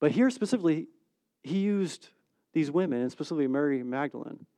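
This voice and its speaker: Animated, high-voiced male pastor preaching. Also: no echo. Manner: animated storytelling with quick swings between loud and hushed; casual, conversational preaching with lots of "right?". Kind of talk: sermon.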